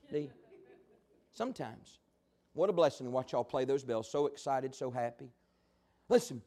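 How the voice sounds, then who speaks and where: High-pitched male pastor, folksy storytelling sermon delivery. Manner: animated storytelling preacher, folksy.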